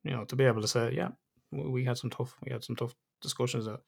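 A middle-aged man chatting on his podcast, open and reflective, with swearing dropped in freely. His voice has a gravelly, creaky edge at a medium pitch. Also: steady tone, fast, a little mellow. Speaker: podcast host. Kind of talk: casual podcast chat.

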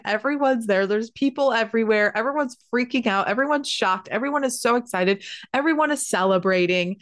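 A pregnant woman, telling a personal story in a chatty, animated way, with a lot of "like" and casual swearing. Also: a little high, brisk, no echo, studio quality. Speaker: spiritual healer sharing a personal story.

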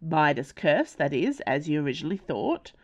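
A woman reading aloud voices a gruff, sheepish police sergeant who talks in plain colloquial phrases. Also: low-pitched, sing-song, normal speed, dry recording, muffled recording, heavily acted. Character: gruff, sheepish, bashful working-class police sergeant, man. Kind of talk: audiobook character voice.

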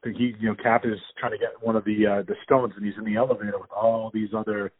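Low-voiced man, tinny phone-like sound. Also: level tone, fast, slightly rough, no echo. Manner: enthusiastic, rambling with many fillers and restarts. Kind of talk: casual movie discussion.

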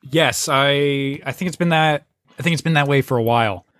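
A man's voice: mid-range voice, moderate pace, noisy background. A man hosting a casual podcast, joking and telling stories animatedly. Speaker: podcast host. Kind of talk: casual chat.

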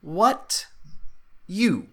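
A woman's voice: mid-range voice, very animated, very slow, voice pushed up, full character voice. A woman voicing a small, polite male kobold who rambles in broken, stammering speech. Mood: curious.

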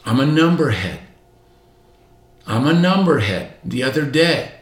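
A man's voice: medium pitch, a bit bright. A man in his sixties giving a motivational seminar talk to doctors, emphatic and repetitive, full of rhetorical questions. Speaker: motivational speaker coaching doctors. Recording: roomy echo.

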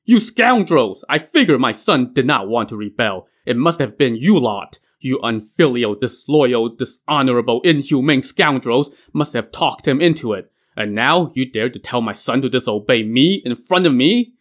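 A man voicing an enraged old general and stern father who shouts and scolds, in a told story. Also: mid-range voice, lively intonation, normal speed, hardly any pauses, close to an everyday voice. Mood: furious.

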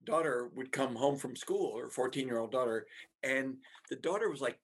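Man, family therapist, husky voice, mid pitch, halting delivery, filler restarts. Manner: halting, many filler restarts, tells anecdotes. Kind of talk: talk to parents.

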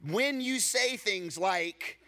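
A man preaching a storytelling sermon, animated, acting out dialogue and repeating words when excited. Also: high voice, slow. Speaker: pastor.

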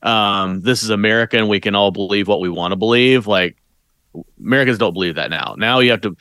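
Rambling low-voiced man in casual chat. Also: fairly quick, bright, forceful tone, no echo, clean studio sound. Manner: rambling, many restarts and "like"s. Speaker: podcast co-host.

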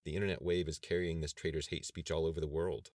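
A man voicing a woman chief of staff in an audiobook, briefing in a brisk, matter-of-fact way. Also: extremely low pitch, little pitch movement, darkish tone, no room sound, clean studio sound.

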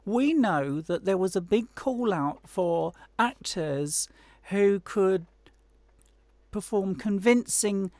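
Soft-spoken woman hosting an interview. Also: mid-range voice, animated, no room sound. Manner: measured, summarizing, leading questions. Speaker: podcast host. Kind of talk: interview questions.

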